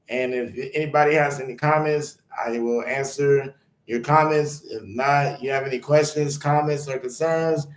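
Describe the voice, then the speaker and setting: A man's voice: a little high, echoey room, poor audio. A man hosting his own spiritual channel, talking loosely and rambling between card readings and chanted blessings.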